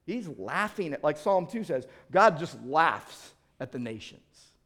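A middle-aged male pastor preaching an animated sermon, acting out quoted voices and often restarting his sentences. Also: a little high, unhurried, few pauses.

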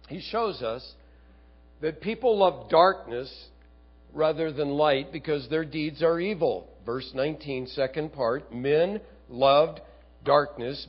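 A man's voice: a little high, muffled recording. A man preaching an expository sermon, moving between Bible explanation and storytelling. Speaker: pastor.

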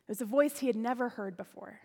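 Woman pastor, storytelling sermon, higher voice, gravelly, long church reverb. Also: fast talker. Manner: expressive storyteller, varied volume.

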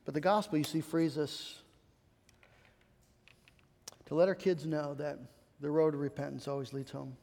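A male pastor preaching a sermon, swinging between loud emphatic stretches and soft confiding asides, often repeating words as he restarts. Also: on the high side, fairly even intonation, normal speed, vocal fry, pauses often. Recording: long hall reverb.

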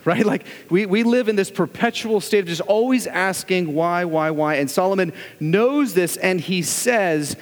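A male pastor delivers a sermon in a voice that sits a little high for a man, earnest and built on rhetorical questions. He swings between loud, urging runs and hushed, low passages. The sound hangs in the long reverb of a large church hall. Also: moderate pace, few pauses.

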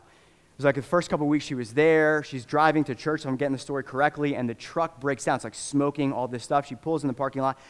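A man preaching from the pulpit, his voice sitting at an ordinary middle pitch. He tells stories in a loose, animated way, full of "uh" and "like." The sound hangs in a long reverb, as in a big church hall. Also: clean tone. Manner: casual, animated storytelling with many fillers. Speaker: pastor. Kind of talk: sermon.

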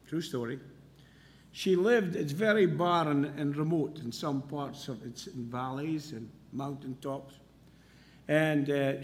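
Brief: male preacher, a bit higher-pitched, storytelling sermon in a church hall with long reverb. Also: a little mellow, slight background noise. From Scotland. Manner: storytelling, homely asides.

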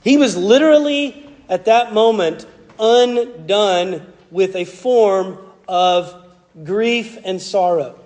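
A Southern American pastor delivers an earnest, conversational sermon. His voice sits notably high for a man. It rings out with the long reverb of a large church sanctuary. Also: expressive, takes it slowly, darkish tone.

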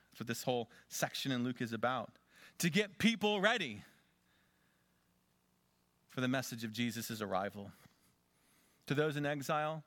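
A man preaching a sermon as a pastor, swinging between loud urging and quiet asides. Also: mid-range voice, no room sound.

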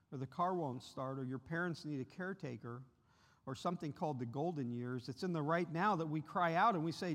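Guest preacher, male, higher voice, earnest, lifts his pitch for quoted cries, big reverberant church sound. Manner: earnest, voice rises sharply when voicing the disciples' cries. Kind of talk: sermon. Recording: long reverb of a large hall.

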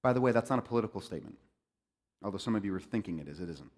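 A man preaching a sermon in an animated, conversational way, mixing jokes with scripture. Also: on the low side, racing, in a large hall. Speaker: pastor.

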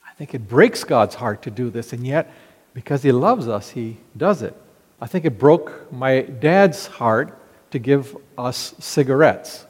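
A middle-aged man preaching a sermon, reading scripture slowly and telling a childhood story in an earnest way. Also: a little high, expressive, darkish tone, slightly rough, in a large hall. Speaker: pastor.

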